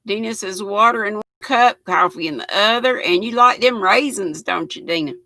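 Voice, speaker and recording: An older woman with a Southern US accent, a little hoarse, hosting a chatty live stream and reading out viewer comments. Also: mid-range voice, moderate pace, pushed and bright, no room sound. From United States. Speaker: host.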